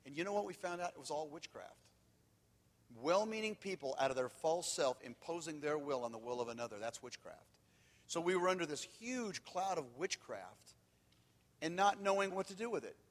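A man preaching, telling candid stories that swing from loud and animated to quiet and hushed. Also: a little high, normal speed. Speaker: pastor. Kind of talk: sermon. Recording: long hall reverb.

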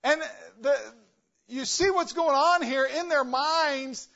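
Guy preaching slow and emphatic, voice way up high, dull lo-fi church recording. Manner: emphatic, rhetorical questions, varies loudness for stress. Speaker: guest preacher, missionary. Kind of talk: sermon.

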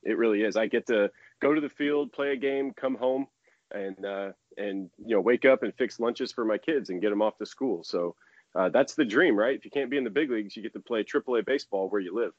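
A man in his thirties, a baseball pitcher from the United States, chatting as a guest in a casual interview, rambling and laughing often. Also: a little fast, no room sound, dull audio.

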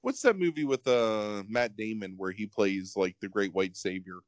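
A man's voice: fairly low pitch, normal speed, no room sound. Rambling man in casual chat. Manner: rambling, animated, heavy on "like".

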